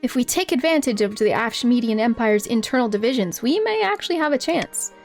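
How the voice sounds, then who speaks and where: A woman's voice: fairly high pitch, lively intonation, fairly quick, soft background music. A young woman streaming a game, reading its text aloud and chatting playfully with a giggly manner. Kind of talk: casual game stream commentary.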